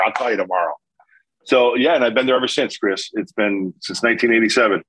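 A man in his sixties, a former pitcher turned broadcaster, telling lively stories in a casual interview and acting out the quotes. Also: a little fast, slightly rough, no room sound, rough recording. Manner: animated storyteller acting out quotes, laughs often.

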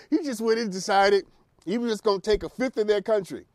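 A man's voice: high-pitched, normal speed, darkish tone, dry recording. A man hosting a talk show, delivering an opinionated monologue full of emphatic rhetorical questions and repeated phrases. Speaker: radio show host.

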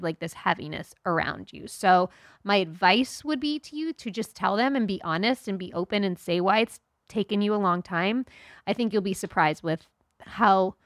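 A woman's voice: mid-range voice, no room sound. Woman, middle-aged, playful podcast co-host, dry close sound. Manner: breezy, playful, reads listener letters. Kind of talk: casual podcast banter.

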